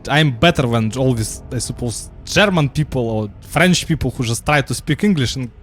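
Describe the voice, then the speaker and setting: A man's voice: mid-range voice, expressive, normal speed. A man from Russia with a Russian accent, talking casually while he plays a game, rambling with frequent restarts, fillers and laughs. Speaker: streamer. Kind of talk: casual gameplay commentary. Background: game music.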